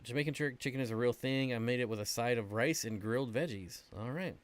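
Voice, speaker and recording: Talking quickly at a medium pitch, this aquarium channel host runs a livestream, chatting casually and fielding viewer questions. He rambles a lot, with many fillers.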